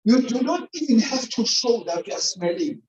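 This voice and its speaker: A woman's voice: on the high side, big pitch swings, moderate pace, darkish tone. A woman holds an informal, sermon-style talk, regularly checking in with the congregation. She sounds distant from the microphone in a reverberant church, with a slightly muffled recording and a faint background hiss. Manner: chatty, keeps quizzing the congregation. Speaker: church speaker. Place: church hall.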